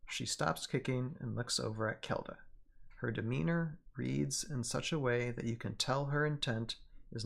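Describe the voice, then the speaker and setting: A male podcast host who reads a story aloud and chats casually, with halting restarts and fillers. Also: mid-range voice, vocal fry, fairly bright tone. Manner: halting, many fillers and restarts when chatting. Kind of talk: story reading and casual chat.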